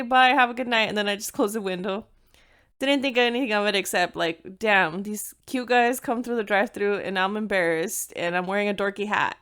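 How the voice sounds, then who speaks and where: A young adult woman hosting her own podcast, telling a personal story in a candid, chatty monologue. Her voice sits in a middle pitch. She swears freely and mixes in Spanish phrases. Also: fairly bright tone, clear, resonant tone. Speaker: podcast host.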